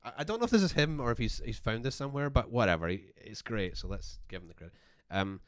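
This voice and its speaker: A man's voice: medium pitch, lively intonation, fast talker. A man co-hosting a casual podcast chat, rambling and breaking off mid-sentence, laughing often. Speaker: podcast co-host. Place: garage.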